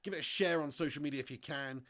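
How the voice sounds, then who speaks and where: Excitable high-voiced streamer. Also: male voice, fast talker, a little hiss or hum. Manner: excitable, swearing, chatty banter. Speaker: gaming livestreamer. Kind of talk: live game commentary and chat.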